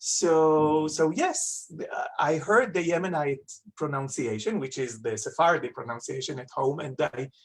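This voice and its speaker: A man, a guest telling lively stories in an interview, repeating words for emphasis and making playful asides. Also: fairly high pitch, measured pace. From Israel. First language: Hebrew. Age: 50s. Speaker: guest chef and author. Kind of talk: casual interview talk.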